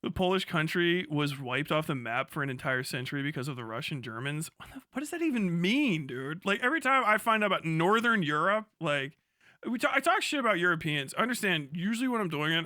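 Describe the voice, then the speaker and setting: A young man rants to his live chat, swearing freely and breaking into laughter as he leaps between topics. His voice sits a little high and rings bright and forceful. The sound is dry and close, with no room echo. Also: a little fast. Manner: profane, excitable, laughs often, jumps from topic to topic. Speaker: livestreamer. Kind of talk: casual rant to a live chat.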